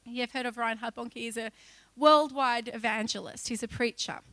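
A woman giving an emotional personal testimony as a church speaker, acting out her own pleas loudly as she tells the story. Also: fairly high pitch, steady tone, normal speed, no echo. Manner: emotional storytelling that breaks into loud pleading re-enactments.

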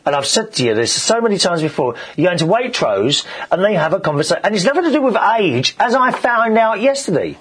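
A man hosting a show, telling gossipy stories in a casual, animated monologue. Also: sits high, brisk, hardly any pauses, slight background noise. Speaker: show host.

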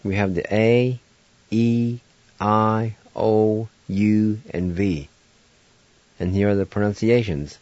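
Slow, low-voiced man drilling pronunciation. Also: steady tone, a little mellow, dry recording. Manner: methodical, repeats each letter and syllable. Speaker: radio host teaching language vocabulary. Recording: dull lo-fi radio recording.

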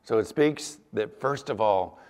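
A man's voice: fairly low pitch, a little slow, a little mellow, big-room sound. A male pastor preaching a sermon with emphatic, dramatic storytelling.

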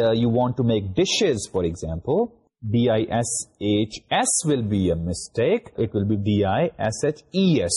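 A man's voice: medium pitch, a little mellow, husky. A middle-aged man from Pakistan with a Pakistani English accent, giving a recorded university lecture and spelling words out letter by letter, with many fillers.

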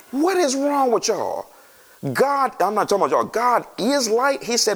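Man, preacher, sermon, gravelly, slightly high voice, lively asides to the crowd. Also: fairly quick. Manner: animated, conversational preaching with asides to the congregation.

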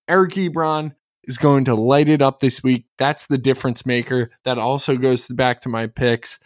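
Boastful man pitching sports bets. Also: normal speed. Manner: boastful, animated. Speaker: sports betting co-host. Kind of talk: casual sports betting talk.

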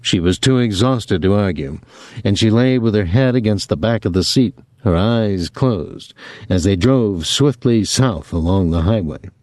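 A man narrating an audiobook in an expressive, measured reading. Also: on the low side, no room sound, clean studio sound.

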